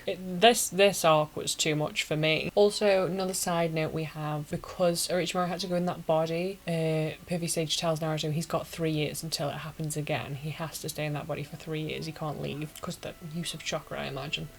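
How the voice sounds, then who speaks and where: A low-pitched woman recapping a show in a casual, gushing way, dramatic about the sad parts. Her voice sits deep for a woman. A faint hiss of noise runs under it. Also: steady tone, brisk, few pauses, low-quality recording. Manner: gushing, emotional fan with dramatic asides. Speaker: anime reviewer. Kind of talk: casual retelling.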